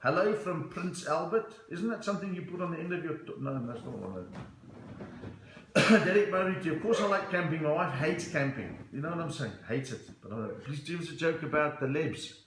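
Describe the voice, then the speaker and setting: A man's voice: on the high side, lively intonation, brisk, a bit bright, echoey room, slight background noise, low-quality recording. A middle-aged South African man with a South African accent, chatting on a live stream, reading viewer comments and telling stories. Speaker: stand-up comedian. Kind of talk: live-stream comedy chat.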